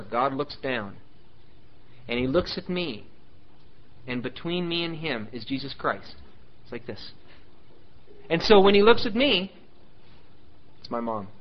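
A male pastor preaching a sermon, animated and emphatic, dropping now and then to soft, intimate asides. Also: mid-range voice, dull audio, a little hiss or hum.

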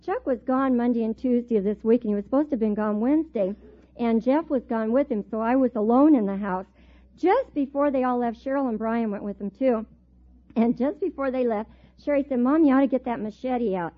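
A middle-aged woman teaching a Bible class, telling a personal story in a lively way and laughing often as she talks. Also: fairly high pitch, fairly quick. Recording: tinny phone-like recording.

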